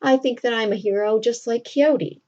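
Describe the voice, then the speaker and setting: A woman's voice: moderate pace, a little mellow, lightly acted. A woman quoting a proud defiant poet. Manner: casual retelling, lightly raised pitch. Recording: dull lo-fi recording.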